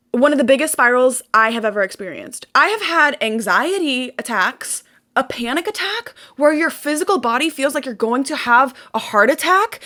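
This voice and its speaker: A woman's voice: high voice, fairly bright tone. A young woman vlogger venting to her viewers in an intense, emotional monologue, swearing and repeating phrases for emphasis.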